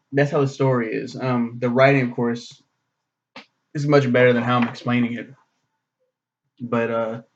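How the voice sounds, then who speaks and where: A man with a gravelly, creaky voice rambles through a casual book-review vlog. He swears freely and fills his pauses with "um". The recording sounds dull and lo-fi. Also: medium pitch. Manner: rambling, profane, many "um"s.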